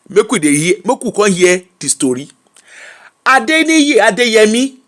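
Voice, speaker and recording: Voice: mid-range voice, fairly bright tone. A Nigerian-accented host talks straight to a live online audience. The delivery is casual and teasing, and key phrases get said again and again for emphasis. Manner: emphatic, repeats phrases, chatty and mocking. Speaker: host of an online gossip and news show. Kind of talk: live-streamed commentary reading viewers' comments.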